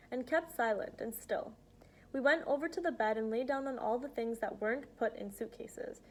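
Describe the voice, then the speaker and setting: A woman reads a first-person novel aloud with a quiet, unhurried and intimate delivery. Her voice sits a little higher than most, and she keeps the narration gentle and steady. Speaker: reader.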